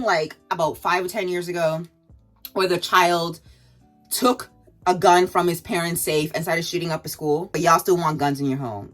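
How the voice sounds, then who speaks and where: A woman venting in a vlog while doing her makeup, firing off rhetorical questions with sharp jumps in pitch. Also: normal speed, faint music behind. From Canada. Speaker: vlogger.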